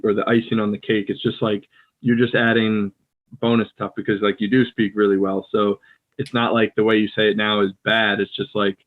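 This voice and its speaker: American man on a tinny call line. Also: on the low side. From United States. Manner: relaxed, rambling, many fillers. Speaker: podcast co-host. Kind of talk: casual chat. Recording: tinny phone-like call audio.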